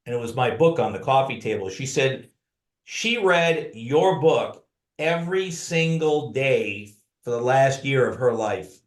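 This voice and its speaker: A man's voice: fairly high pitch, echoey room. A man telling stories as a podcast guest, earnestly and often addressing the host by name. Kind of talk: conversational storytelling.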